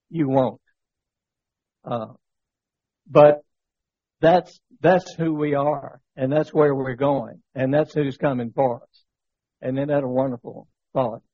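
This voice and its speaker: A man's voice: medium pitch, husky, dry recording, lo-fi sound. A man teaching a church Bible study lesson, talking conversationally with many fillers and rhetorical questions, telling a story. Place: church classroom.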